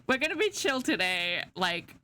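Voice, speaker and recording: A woman's voice: mid-range voice, sing-song, moderate pace, sharp tone, slight background noise. A young woman chatting casually to her live-stream chat, sleepy, giggly and yawning. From Australia.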